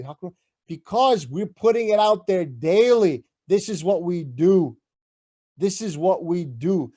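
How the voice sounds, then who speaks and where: A man giving an energetic motivational presentation, loud and punchy with bursts of emphasis, talking straight to his audience. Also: fairly high pitch. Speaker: summit presenter. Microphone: video call.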